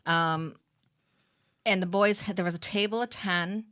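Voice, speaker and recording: A woman's voice: medium pitch, unhurried, clear, resonant tone. A middle-aged woman, a band member's mother, chatting as an interview guest and quoting her own words as she recounts events. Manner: chatty, animated, quotes herself. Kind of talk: casual storytelling.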